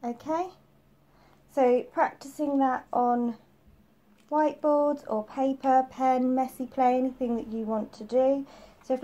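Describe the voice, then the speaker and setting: Slow, patient woman teaching phonics. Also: sits high, dark tone. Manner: slow, patient, repeats letter sounds clearly. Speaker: preschool teacher. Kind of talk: phonics lesson for young children.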